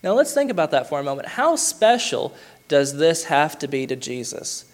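A man preaching a sermon, earnest, slowing down to stress key words and reading scripture aloud. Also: fairly high pitch, sing-song. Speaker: pastor.

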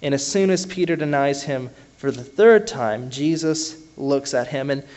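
A man preaching a conversational sermon, often pausing with fillers and restarting his sentences. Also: mid-range voice, darkish tone.

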